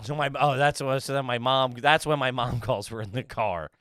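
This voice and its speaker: A man's voice: mid-range voice, moderate pace, a bit bright, no room sound. A man co-hosting a podcast, telling a story in casual chat, swearing a lot and full of animation. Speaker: podcast co-host.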